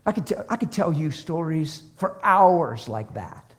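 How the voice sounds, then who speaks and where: Animated preacher man, fairly high voice. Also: measured pace. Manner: animated, swings from hushed to loud; acts out dialogue in different voices. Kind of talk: sermon with storytelling.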